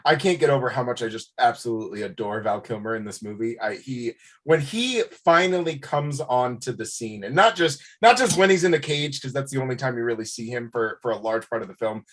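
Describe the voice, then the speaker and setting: A man chatting as a guest on a film review podcast, animated and often laughing. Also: medium pitch, a little fast, few pauses. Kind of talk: casual chat.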